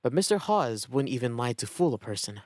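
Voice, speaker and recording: A man voicing a quiet, thoughtful investigator who muses in a low, hushed voice while reading game dialogue aloud. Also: very animated, brisk, lightly acted. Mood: musing.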